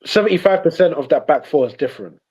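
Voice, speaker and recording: A man with a slightly high voice chimes in on a football podcast, his pitch lively as he jumps in with quick remarks. His mic sounds dull and lo-fi next to the others. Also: husky. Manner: quick interjections, easy laughter. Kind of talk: casual football chat.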